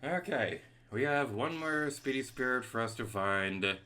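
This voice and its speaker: A male let's play host talks over his gameplay in a very bright, forceful voice. His pitch leaps around animatedly. He sounds excitable and quick to vent at the game. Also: clear, resonant tone. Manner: excitable, venting frustration at the game. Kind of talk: gameplay commentary.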